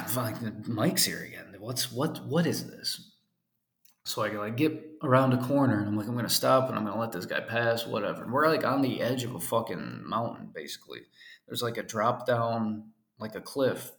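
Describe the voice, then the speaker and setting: A man's voice: on the low side, reverberant. A man in his twenties telling a story in a casual, profane rant, full of fillers. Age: 20s. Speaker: podcast host.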